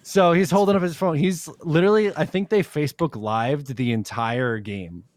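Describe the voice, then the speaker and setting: A man's voice: a little high, normal speed, dry recording. Laid-back man telling a story, dry sound. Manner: rambling storyteller, laughing often. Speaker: podcast co-host. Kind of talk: casual sports chat.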